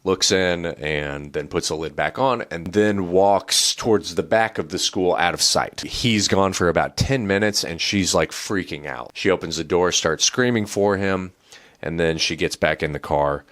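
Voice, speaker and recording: A man's voice: low-pitched, measured pace, a bit bright. A man retelling a novel's plot in a casual book review. He talks in a loose, chatty way, with a lot of "like" and some swearing.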